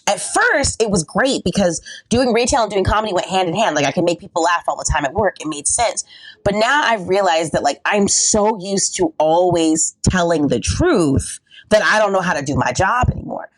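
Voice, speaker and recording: Animated woman telling a funny story. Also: fairly low pitch, normal speed, dry recording, low-quality recording. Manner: animated, acts out voices, laughs often. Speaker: podcast guest comedian. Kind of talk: casual storytelling chat.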